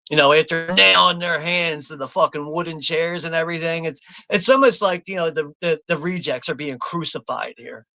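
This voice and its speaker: Gravelly, bright-voiced swearing American man. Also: a little high, normal speed, no room sound. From United States. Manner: profane, laughing, rambling. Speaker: watch party host. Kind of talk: live movie commentary reading chat.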